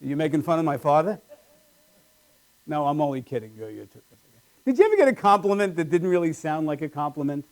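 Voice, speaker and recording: A man's voice: fairly high pitch, big pitch swings, quick pace, pauses often. A man doing a live stand-up routine with wry, self-deprecating punchlines on a small comedy stage.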